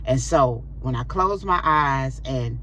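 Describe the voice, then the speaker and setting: A middle-aged woman recounting her own experience for her vlog audience. She talks in a lively, dramatic way, with plenty of exclamations as the story builds. There is a faint hum of room ambience behind her. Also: a bass voice, takes it slowly. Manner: animated retelling with dramatic exclamations. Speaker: vlogger.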